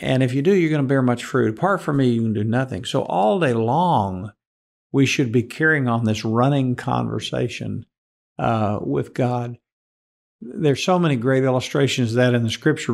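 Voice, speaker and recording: A man's voice: mid-range voice, lively intonation, moderate pace, creaky, a little mellow. A man preaching a sermon who earnestly puts direct questions to his listeners.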